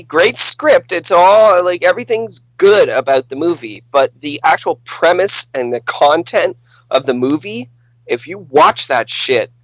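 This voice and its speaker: A man's voice: a little high, a bit bright, no echo, low-quality recording. A man co-hosting a podcast, ranting angrily and swearing through casual chat. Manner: angry, profane, ranting. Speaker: podcast co-host.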